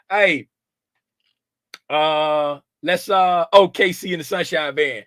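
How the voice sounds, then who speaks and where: A man's voice: sits high, sing-song, extremely slow, pauses often, bright, forceful tone, no echo, studio quality. A man hosting a trading livestream, chatting casually and playfully and greeting viewers by name.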